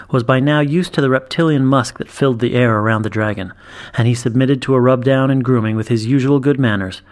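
A man narrating a fantasy story in a measured, even reading voice. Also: medium pitch. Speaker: story reader. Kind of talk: scripted narration.

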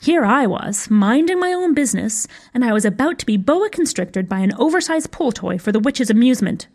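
A woman's voice: a little high, expressive, fairly quick, a little mellow. A woman reading a first-person fantasy story aloud with a wry, dry humor. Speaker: story reader. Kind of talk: scripted fiction narration.

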